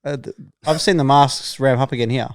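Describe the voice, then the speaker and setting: A man's voice: medium pitch, steady tone, fairly quick, no room sound, clean studio sound. A young man co-hosting a podcast, talking bluntly and casually with plenty of swearing. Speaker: podcast co-host. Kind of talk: casual banter.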